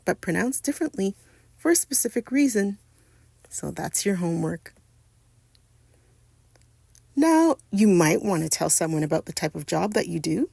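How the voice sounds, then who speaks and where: A woman narrates a French lesson at an unhurried pace, with a gravelly, creaky edge to her voice. She spells out and stresses each phrase with care. The sound is dry and close, with no room around it. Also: medium pitch, darkish tone, no room sound. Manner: slow, careful, spells out and stresses French words. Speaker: French teacher.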